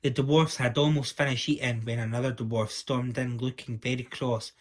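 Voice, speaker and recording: A man reading a children's story aloud as the storyteller, lively and doing the voices. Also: medium pitch, normal speed.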